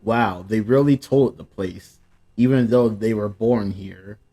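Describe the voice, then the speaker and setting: A man hosting a live manga reaction, reading dialogue aloud and breaking into excited high exclamations. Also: unhurried, faint music behind.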